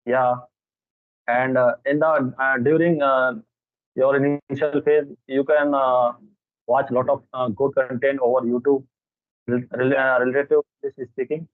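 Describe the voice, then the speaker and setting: Indian guy, mid pitch, lots of uh pauses, tinny call audio. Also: little pitch movement, dry recording. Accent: Indian English. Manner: hesitant, frequent uh fillers. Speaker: guest. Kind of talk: casual conversation. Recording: dry tinny phone line.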